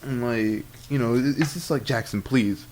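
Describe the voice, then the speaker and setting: A man's voice: mid-range voice, moderate pace, darkish tone. A young man from Texas on a casual podcast, rambling through a story with lots of laughing and quoted dialogue. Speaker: podcast co-host. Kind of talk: casual chat. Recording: amateur podcast with audible noise.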